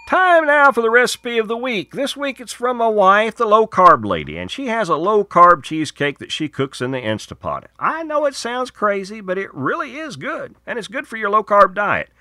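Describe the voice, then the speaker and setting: A man's voice: high voice, very animated, moderate pace, hardly any pauses, pushed and bright, dry recording, studio quality. A man hosting his radio show, reading segments and promos in a folksy, earnest, persuasive way.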